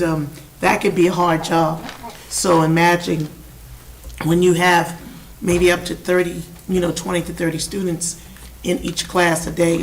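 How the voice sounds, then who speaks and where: A hoarse woman speaking as a board member at a meeting, halting and full of fillers. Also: fairly low pitch, far from the mic, slight background noise, rough recording. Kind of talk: meeting remarks.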